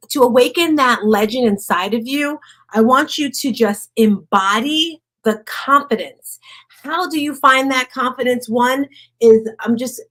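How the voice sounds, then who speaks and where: A woman hosting an online motivational session, talking fast and with energy, and she grew up in the North. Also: a little high, a bit bright. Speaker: host. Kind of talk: motivational group talk.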